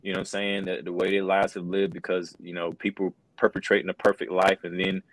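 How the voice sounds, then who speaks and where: A man's voice: deep voice, flat delivery, fairly quick, no room sound, low-quality recording. A middle-aged man, a wrestling commentator, telling a story in an earnest, loose way, often saying "bro" and "man". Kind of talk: casual interview storytelling.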